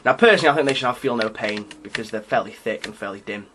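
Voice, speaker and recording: A man's voice: medium pitch, fast, a bit bright, a little hiss or hum. Rambling man with hesitant ums. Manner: amused, self-deprecating commentary. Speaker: hobbyist showing his painted miniatures. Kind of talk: casual show-and-tell narration.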